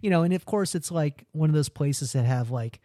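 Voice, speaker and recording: A man's voice: on the high side, a little fast, mellow, no echo, clean studio sound. A man chatting casually about a film, rambling with many fillers and acting out characters' lines. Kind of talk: casual movie recap chat.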